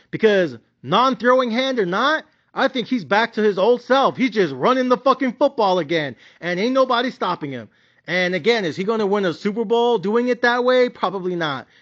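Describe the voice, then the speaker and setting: A man's voice: sits high, fairly bright tone, muffled recording. A man giving a blunt, profane, slangy rant reviewing his sports bets. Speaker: sports betting commentator.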